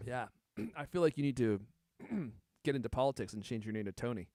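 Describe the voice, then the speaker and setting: A man's voice: mid-range voice, expressive, fairly quick, darkish tone, no echo, studio quality. A man hosting a live-streamed podcast in a casual, joking way, teasing his co-hosts and reading out viewer comments. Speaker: podcast host.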